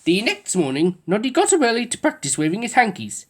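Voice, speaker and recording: Expressive woman reading a children's story. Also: a little high, brisk, noisy background. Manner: expressive, lilting. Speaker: storybook reader. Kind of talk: children's story read-aloud.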